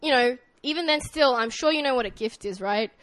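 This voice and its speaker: Young aussie lady pastor preaching, high pitched, laughs a lot, lots of ums. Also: brisk, fairly bright tone. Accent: Australian. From Australia. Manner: friendly, laughs often, fillers like um and uh. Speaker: guest pastor. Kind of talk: sermon.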